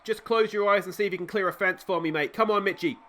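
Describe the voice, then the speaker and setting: A man's voice: high-pitched, quick pace, fairly bright tone. An Australian man commentating his own baseball video game with emotional play-by-play, urging and scolding his players. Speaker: let's play gamer and commentator.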